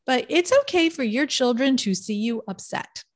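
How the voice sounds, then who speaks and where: A woman's voice: on the high side, animated. Woman, forties, reflective advice-giver in casual talk, sincere and grounded. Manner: earnest, reflective, slows down to make a point. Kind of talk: casual chat giving advice.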